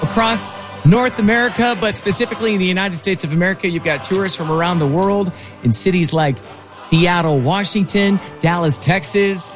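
A man's voice: high voice, normal speed, over music. A man hosting a radio show, chatting casually and laughing often.

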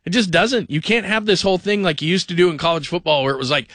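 A man hosting call-in sports radio, rambling and animated, sometimes mimicking people in funny voices. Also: sits high, fast, no echo, clean studio sound.

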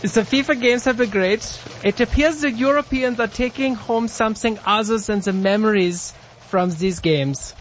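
A man putting on an exaggerated, high-pitched stereotypical German accent to read a news item aloud as a joke. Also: takes it slowly, few pauses, fairly bright tone, dull audio, slight background noise. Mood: mock-serious.

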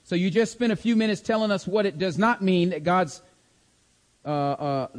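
A man's voice: high-pitched, moderate pace, in a large hall. A man teaching a Bible lesson in sermon style, stressing and repeating key words and checking that his listeners follow. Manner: emphatic, repeats key words, asks the class to follow along. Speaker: preacher teaching a Bible study.

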